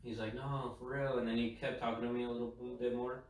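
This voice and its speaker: A man's voice: medium pitch, little pitch movement, quick pace. A young man, a podcast host, chatting casually and telling a long story, acting out the quotes and swearing freely. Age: young adult. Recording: echoey room, mic at a distance.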